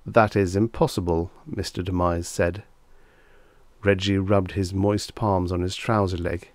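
A man with a deep, low voice reads a vintage short story aloud at an even storytelling pace. The sound is dry and close, with no music behind him. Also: a little slow, no echo. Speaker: audiobook narrator.

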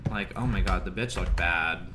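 A man's voice: low-pitched, normal speed, loud music behind the voice. A young adult man chatting casually on a livestream, profane and complaining, congested and coughing now and then.

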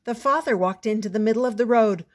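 An older woman reading a picture book aloud as a storyteller, expressive and playful. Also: a little high, fast.

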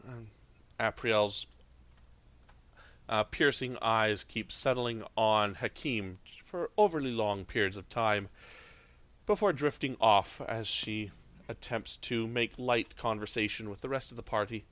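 A man narrating as game master of a tabletop game, lively and self-mocking. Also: lowish voice, measured pace, dry recording. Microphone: home stream mic. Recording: dull lo-fi dry online mic.

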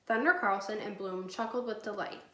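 A woman's voice: mid-range voice, normal speed, fairly bright tone. Woman teacher reading a story aloud. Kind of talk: reading a chapter book aloud. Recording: echoey room.

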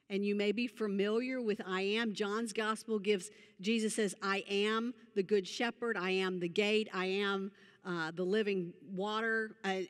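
Woman preacher, mid pitch, earnest, swells and drops softly, echoing hall. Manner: earnest, rises for emphasis then drops low and soft. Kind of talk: sermon. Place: church hall. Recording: long hall reverb.

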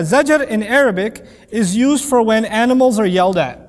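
A man's voice: high voice, animated, moderate pace. A man giving a conversational Quran commentary lesson, joking and acting out quoted voices. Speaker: Quran teacher. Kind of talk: lecture-style Quran commentary. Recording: long hall reverb.

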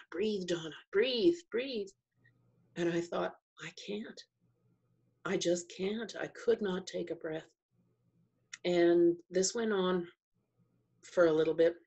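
A middle-aged woman with a low, husky voice that crackles into fry. She tells her own story as a podcast guest, slowly and reflectively, pausing and circling back as she looks for the right words. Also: a little mellow, dull audio. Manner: slow, reflective storytelling with pauses and restarts. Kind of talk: personal testimony in an interview.

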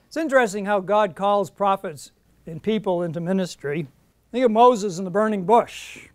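A man's voice: high-pitched, moderate pace, no room sound. A middle-aged man giving a Bible study lecture, earnest and emphatic when he reads out verses. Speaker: Bible teacher.

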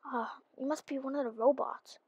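A woman's voice: high-pitched, fairly even intonation, normal speed, a little mellow, husky, no echo. A woman voicing a polite robot bank teller with stiff, formal phrasing, in game role-play.

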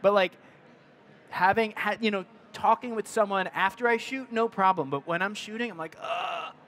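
A man's voice: high-pitched, moderate pace, a bit bright. A middle-aged man giving a casual presentation on photography, rambling with many fillers and restarts. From United States. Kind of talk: casual talk to an audience.

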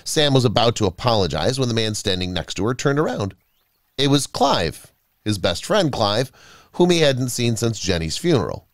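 A man reading a scripted story aloud, with expressive, dramatic delivery. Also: mid-range voice, normal speed, no room sound, studio quality. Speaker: narrator. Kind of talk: scripted narration.

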